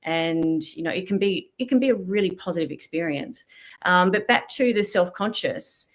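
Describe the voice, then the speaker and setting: A middle-aged woman, a voice specialist appearing as an interview guest, explains and demonstrates vocal technique. Her voice is lowish and expressive, and she speaks at a normal speed in this expert interview.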